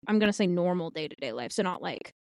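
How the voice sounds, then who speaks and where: A woman's voice: on the low side, animated, fast, creaky, no room sound. A woman in her twenties co-hosting a podcast, talking in a blunt, wry way with casual swearing. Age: 20s. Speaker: podcast co-host. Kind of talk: casual chat.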